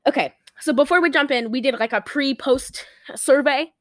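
A woman's voice: high voice, moderate pace, a bit bright, dry recording, clean studio sound. A woman hosting a podcast in casual chat, giggling often and rambling with lots of fillers. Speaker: podcast host.

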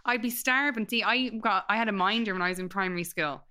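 A woman's voice: mid-range voice, fast, pushed and bright. A young woman co-hosting a podcast, chatty and storytelling, swearing freely in casual talk. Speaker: podcast co-host. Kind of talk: casual chat.

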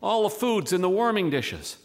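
A man's voice: high voice, sing-song, moderate pace. Man doing a bewildered, anxious caterer. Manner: earnest, bewildered, pleading. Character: flustered anxious male caterer on the phone.

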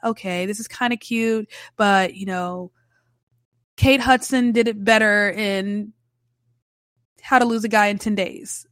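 A woman's voice: mid-range voice, fairly even intonation, measured pace, long pauses, a bit bright, no room sound. A young woman from Louisiana hosting a podcast, giving a casual, chatty film review with sarcastic asides and plenty of fillers.

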